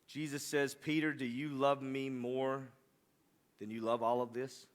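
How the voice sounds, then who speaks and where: A man's voice: medium pitch, little pitch movement, a little slow. A man preaching a sermon, rising to impassioned, emphatic delivery. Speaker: pastor.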